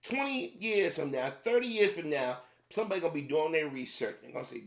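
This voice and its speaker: Male commentator, slightly higher voice, heated, repetitive opinion rant. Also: animated, brisk, creaky. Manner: heated, repetitive, addressing the audience directly.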